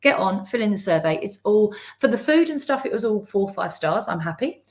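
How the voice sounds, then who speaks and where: A woman's voice: mid-range voice, fairly quick. A middle-aged woman, telling a story in a live business talk and acting out the people in it. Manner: animated storytelling with quoted voices. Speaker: business coach.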